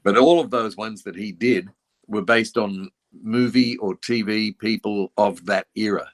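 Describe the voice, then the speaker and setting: An older man with an Australian accent and a slightly low voice. He talks reflectively as an interview guest, circling back and restarting as he recalls old stories. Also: fairly even intonation, measured pace. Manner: reflective and anecdotal, with frequent restarts. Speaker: voice actor guest. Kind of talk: casual interview chat.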